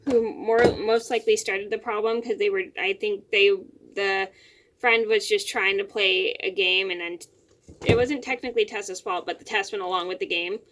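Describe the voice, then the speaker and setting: A woman's voice: medium pitch, fairly even intonation, moderate pace, noisy background. A young woman telling a home story to her camera from her bedroom, rambling and often repeating and restarting her words. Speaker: vlogger.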